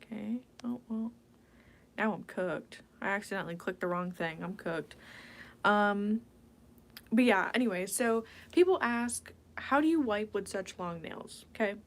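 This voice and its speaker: A woman at a mid-pitched speaking level runs a casual ASMR livestream. She answers her viewers in a playful, meandering way and often drops into a breathy whisper. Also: a little slow. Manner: casual rambling, drifting into whispered asides; chatty and playful, reading viewer questions aloud. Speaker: ASMR livestream host reading chat.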